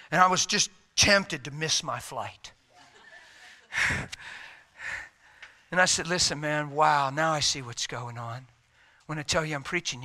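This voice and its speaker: A man's voice: fairly high pitch, sharp tone. A man preaching a sermon, telling a story in a folksy, emphatic way and talking straight. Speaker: traveling preacher.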